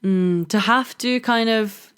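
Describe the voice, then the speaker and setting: Brief: young woman hosting a podcast, candid storyteller who swears freely and says "like" a lot, smooth clear voice. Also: medium pitch, slow, fairly bright tone. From London, England. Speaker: podcast host. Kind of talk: casual personal storytelling.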